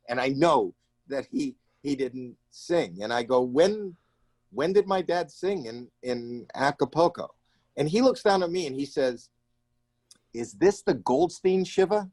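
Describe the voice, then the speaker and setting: Animated storytelling man, dry close sound. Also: dry recording. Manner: animated, acts out the people in his stories with sudden shrill cries. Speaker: comedian guest. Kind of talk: animated storytelling in a casual interview. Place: home.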